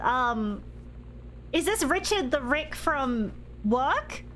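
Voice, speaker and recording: A woman's voice: sits high, big pitch swings, drawn-out words, fairly bright tone, a little hiss or hum. A young woman streaming a game, chatting casually, reading in-game notes aloud and laughing easily.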